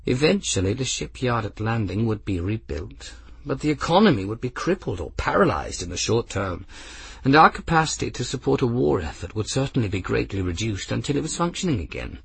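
A man voicing a dignified, patient nobleman who speaks in a measured, slightly weary way, with a husky voice. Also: mid-range voice, big pitch swings, dry recording, full character voice.

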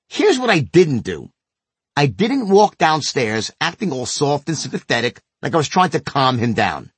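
A man's voice: a little high, big pitch swings, normal speed, husky, dry recording. A middle-aged man narrating a sales lesson in a blunt, emphatic way, with the odd swear word. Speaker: sales trainer. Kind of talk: instructional narration.

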